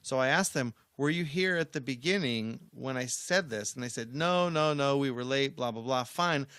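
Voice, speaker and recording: A man in a relaxed podcast chat, rambling through a story and often talking over his co-host. His voice is bright and forward. It sounds dry and close to the mic. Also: medium pitch, moderate pace, clear, resonant tone, no room sound. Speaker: workshop trainer. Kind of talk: casual chat.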